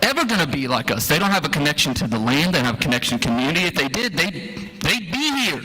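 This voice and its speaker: A man's voice: a little high, expressive, fast, noisy background. A man giving an impassioned, folksy speech at a town hall, firing rhetorical questions at the crowd. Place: church hall, live event.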